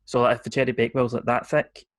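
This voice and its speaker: A man with a Scottish accent chatting on a podcast over a video call, laid-back with deadpan jokes. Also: mid-range voice, fast. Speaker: podcast guest. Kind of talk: casual chat.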